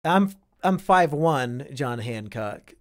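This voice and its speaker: A man's voice: medium pitch, expressive, slow. A young man from Iowa hosting a casual live stream, reading and answering chat with sardonic, profane banter.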